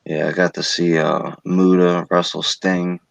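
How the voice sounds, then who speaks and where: A man co-hosting a casual wrestling talk show in a laid-back, drawn-out way. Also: low-pitched, little pitch movement, vocal fry, no echo. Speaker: podcast co-host.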